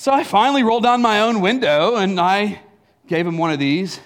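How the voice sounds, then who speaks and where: A man's voice: sits high, moderate pace. A middle-aged man preaching a sermon in a church, telling a story with laughs and acted asides. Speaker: pastor.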